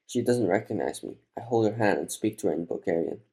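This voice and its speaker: Low, dark-voiced male audiobook narrator. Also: expressive. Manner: measured, reflective first-person telling.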